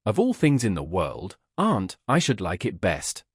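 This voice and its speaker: A man doing a quiet, dutiful teenage boy. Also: lowish voice, wildly swooping pitch, measured pace, breathy edge, no echo, clean studio sound, heavily acted. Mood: polite, earnest. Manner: quiet, polite and deferential.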